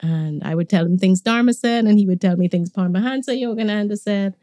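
A woman, a podcast guest, tells stories about her family in a relaxed way and laughs often. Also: mid-range voice, fast talker, no echo, clean studio sound. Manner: warm reminiscing, laughs often. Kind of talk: conversational storytelling.

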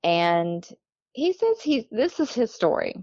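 Speaking slowly, this woman's slightly high voice swings widely in pitch and carries a darkish tone. She's a guest sharing a personal story in casual chat, laughing a lot and performing the lines of the people she quotes. There's no echo, though the audio is dull.

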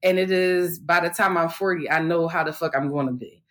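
A woman's voice: lowish voice, a little fast, a bit bright. A woman in her thirties, a podcast co-host, talking candidly and profanely in a casual chat, rambling with lots of fillers. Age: 30s.

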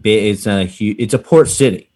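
A man's voice: lowish voice, fairly quick, a little mellow. A man from Massachusetts hosting a casual cannabis talk show, talking loosely with many fillers and restarts. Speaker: podcast host. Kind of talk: casual chat.

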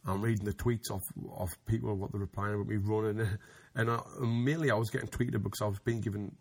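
A man's voice: on the low side, steady tone, quick pace, darkish tone, breathy edge. Man, casual raconteur, rambling with restarts. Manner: rambling, frequent restarts, laughs while telling. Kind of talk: casual storytelling.

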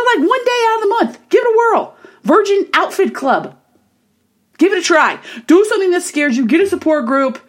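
Young woman doing a solo podcast, high voice that swoops all over, bubbly and rambly. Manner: chatty, bubbly, rambling with restarts. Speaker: podcast host. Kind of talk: casual solo podcast monologue.

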